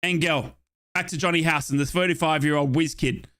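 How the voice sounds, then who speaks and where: A young Australian man giving chatty, excitable live play-by-play of a football match as a fan commentator, with playful asides. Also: on the high side, a little fast.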